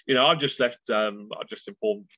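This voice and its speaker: A man, a guest in an interview, telling stories with lively enthusiasm. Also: medium pitch, moderate pace, dry recording. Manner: animated storyteller, enthusiastic. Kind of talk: casual interview chat. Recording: dull lo-fi sound.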